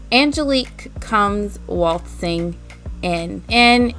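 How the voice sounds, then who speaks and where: A woman's voice: fairly high pitch, fairly bright tone. A woman hosting a let's play, retelling the story of her game in a chatty way. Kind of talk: casual game narration.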